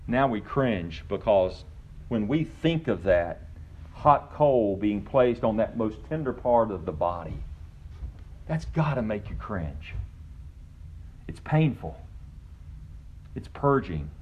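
A man's voice: lowish voice, expressive, slow, pauses often, muffled recording. A man pastor preaching a sermon, building to emphatic, rising passages.

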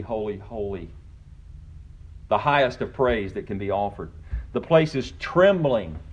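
A man's voice: mid-range voice, dull audio. A man pastor preaching a sermon, building to emphatic, rising passages.

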